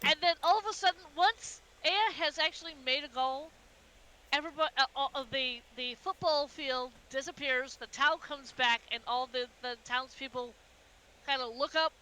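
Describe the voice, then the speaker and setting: High-pitched woman running a tabletop game, playful, drags out the story. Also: moderate pace, sharp tone, low-quality recording. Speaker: game master.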